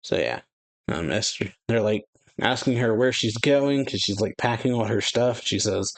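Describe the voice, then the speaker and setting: A man's voice: fairly low pitch, lively intonation, moderate pace, vocal fry. Casual man reading manga aloud. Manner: reads character lines aloud with light emphasis, fillers like "and then, yeah". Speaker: manga reaction host. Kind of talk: casual manga read-through.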